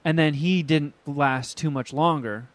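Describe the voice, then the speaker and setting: Animated, cursing man telling stories. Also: fairly high pitch, a little slow, no echo. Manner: profane, animated storytelling with acted quotes. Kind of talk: casual chat.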